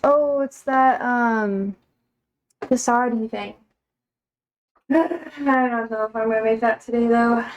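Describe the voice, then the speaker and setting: A woman's voice: fairly high pitch, slight background noise, low-quality recording. An American woman cooking in her home kitchen on a live stream, chatting casually and answering her chat. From United States.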